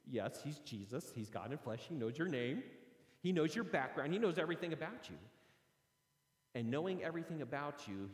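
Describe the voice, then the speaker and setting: A man preaching a sermon, telling the story with lively acted-out voices. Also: a little high, moderate pace. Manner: animated storytelling, acting out voices. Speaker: pastor. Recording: echoey hall with long reverb.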